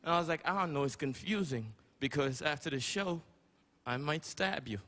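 A man from Canada doing a stand-up comedy set, with a loud, profane, punchy delivery. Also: a little high, moderate pace. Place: large comedy stage with live audience. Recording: loud crowd and room noise.

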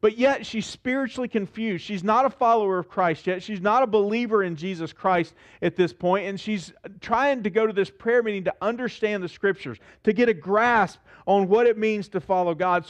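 A high-voiced male pastor preaches with animated emphasis, raising his voice to drive points home and slowing down on key phrases.

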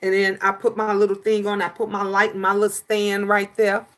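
A woman's voice: medium pitch, monotone, fairly quick, a bit bright. A middle-aged woman chatting casually on a livestream, reading viewer comments and calling people honey.

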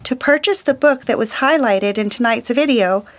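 A woman storyteller reading a children's picture book aloud, slow, gentle and deliberate. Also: a little high.

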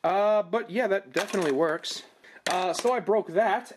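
A man with a high voice rambles through a product review at home, dry and self-mocking. He's picked up by a camera mic, with clear noise hissing under the recording. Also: normal speed. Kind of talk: casual unboxing commentary. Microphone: camera microphone.

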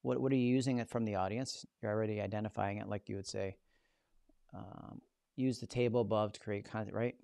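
A man's voice: on the low side, steady tone, brisk, gravelly, warm tone, no room sound, studio quality. A man hosting a live-streamed tutorial, talking in a casual, chatty way with jokey asides to viewers. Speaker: host teaching a live session.

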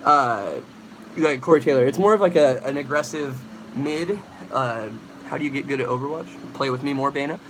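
A man's voice: medium pitch, fairly quick, background noise. A young man casually hosting a livestream, rambling as he answers chat questions about vocals. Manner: casual, rambling, demonstrates screams.

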